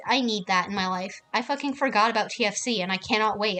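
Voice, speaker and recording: A woman's voice: mid-range voice, quick pace, sharp tone, faint music behind. Profane, heated woman streamer. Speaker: game streamer. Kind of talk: casual ranting while streaming.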